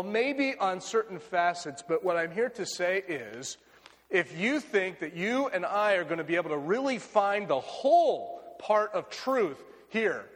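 A man's voice: high-pitched, long reverb tail. An American man preaching a sermon, earnest and repeating key phrases for emphasis. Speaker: pastor.

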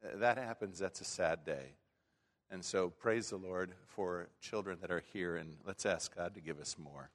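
A male pastor delivers a sermon in an easygoing, conversational style, often stopping and restarting his phrases. His voice sits low. Long reverb from the sanctuary lingers behind his words. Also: moderate pace, hardly any pauses, fairly bright tone. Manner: folksy, conversational preaching with frequent restarts. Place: church sanctuary.

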